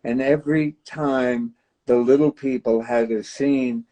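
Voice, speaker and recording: Slow-talking man in his nineties. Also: medium pitch, steady tone, warm tone, low-quality recording. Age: 90s. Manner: chatty, laughs often, storytelling. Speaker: host. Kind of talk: casual livestream chat.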